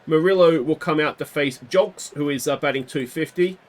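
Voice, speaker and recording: A man giving casual play-by-play commentary on a baseball video game he is playing, with bursts of excitement on big hits. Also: a little high, moderate pace. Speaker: gaming video host.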